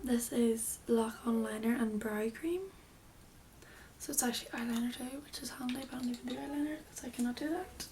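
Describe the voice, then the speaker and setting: With slight background noise behind her, a young woman rambles chattily through a casual makeup tutorial, frequently lowering to a half-whisper. Her voice is a little high and a little mellow, fairly even in intonation and a little fast.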